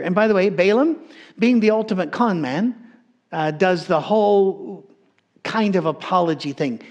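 A male preacher tells a story with relaxed, conversational humor. His voice sits fairly high for a man. He moves easily between explaining and joking. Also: moderate pace, highs cut off. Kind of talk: sermon.

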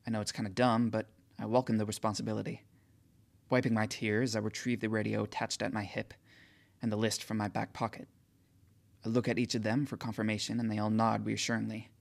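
A man's voice: fairly low pitch, little pitch movement, fairly quick, vocal fry. A man reading first-person audiobook narration with emotional, tearful outbursts.

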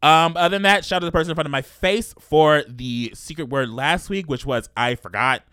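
Sassy podcast host guy, swears a lot, bright crisp voice, super dry sound. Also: fairly high pitch, fairly quick, no room sound. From United States. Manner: loud, profane, sassy and playful. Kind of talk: casual podcast chat.

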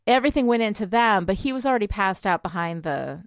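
A woman's voice: medium pitch, quick pace, no echo, clean studio sound. A woman co-hosting a podcast, chatting casually and critiquing an episode with lots of fillers. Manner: animated, many fillers. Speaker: podcast co-host. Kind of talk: casual chat.

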